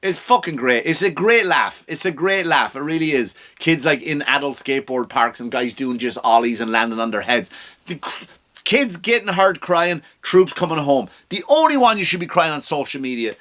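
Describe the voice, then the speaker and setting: A man's voice: on the high side, sing-song, normal speed, a bit bright. A middle-aged man, an immigrant to the US, hosting a comedy podcast with a profane, mocking rant. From abroad, immigrant to the US. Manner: ranting, profane, mocking impressions.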